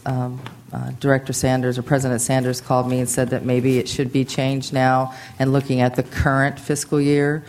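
A general manager at a public board meeting gives a staff report while unwell and hoarse, speaking in an informal, chatty way with many fillers and asides. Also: medium pitch, a little mellow, slight background noise.

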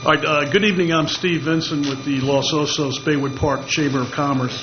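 A man's voice: fairly high pitch, fairly even intonation, fairly quick. A man from a local business group giving community announcements at a public meeting, friendly, with frequent fillers. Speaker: chamber of commerce representative. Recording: muffled meeting audio with clear hum.

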